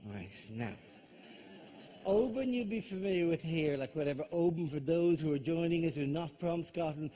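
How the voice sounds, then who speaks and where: An Irish man performing live stand-up comedy, rambling quickly and breaking into shouted, panicky asides. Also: a little high. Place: theatre stage. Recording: live venue with audible audience ambience.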